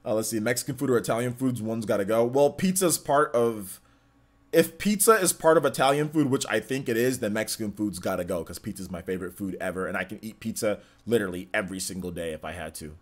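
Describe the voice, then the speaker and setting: A man's voice: on the low side, quick pace. A young man from California hosting a live stream, reading viewer comments aloud and chatting loosely with lots of fillers. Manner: rambling, filler-heavy, reads chat aloud. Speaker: streamer host.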